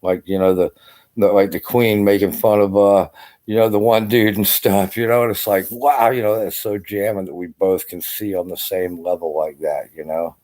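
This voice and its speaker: A man's voice: on the low side, steady tone, normal speed, dark tone. An older man, an army veteran, rambling through a casual vlog to camera, exhausted and swearing freely with endless "you know" fillers.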